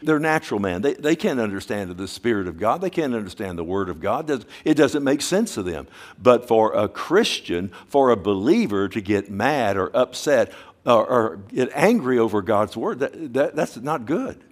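A middle-aged male pastor preaching a sermon, asking the congregation questions and slowing down to stress scripture phrases. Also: mid-range voice, sing-song.

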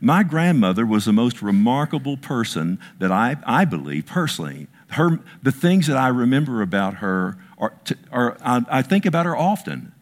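A man's voice: medium pitch, very animated, moderate pace, hardly any pauses. A middle-aged man preaching a sermon, telling a personal story with emotion and stumbling restarts. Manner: storytelling, emotional, repeats words. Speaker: pastor.

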